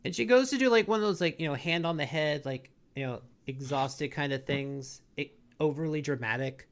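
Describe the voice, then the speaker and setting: A man's voice: fairly high pitch, normal speed. A man co-hosting a podcast, casually recapping a cartoon episode with jokes and quoted voices. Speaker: podcast co-host.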